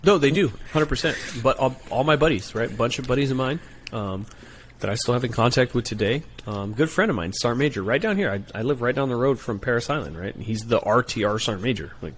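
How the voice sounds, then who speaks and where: A man, a Marine gunnery sergeant and former recruiter, telling stories on a podcast in a profane, animated way that keeps checking in with "right?". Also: medium pitch, fast talker, slight background noise. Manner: profane, animated storyteller, peppers talk with "right?". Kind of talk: casual podcast storytelling.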